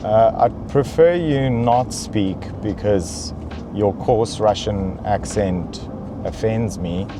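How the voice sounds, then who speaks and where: A young man with a lowish voice reviews a luxury car for comedy from the back seat, speaking slowly over background noise. His manner is playful and mock-pampered.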